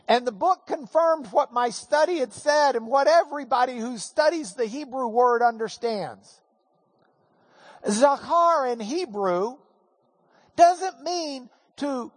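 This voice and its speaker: A man teaching a Bible class, telling an animated, self-deprecating story. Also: very high-pitched. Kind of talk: storytelling lecture. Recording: hall with long reverb.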